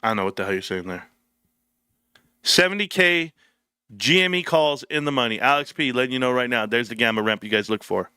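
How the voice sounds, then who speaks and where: A man's voice: medium pitch, expressive, a little fast, sharp tone, clean tone, dry recording, studio quality. A man hosting a casual livestream, reading comments and telling loose, profane stories with frequent laughter. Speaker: livestream host.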